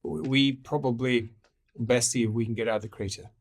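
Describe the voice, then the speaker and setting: A game master voicing a gruff male cleric captain who grumbles and mutters in a low voice. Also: fairly even intonation, brisk, close to an everyday voice. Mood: grumbling.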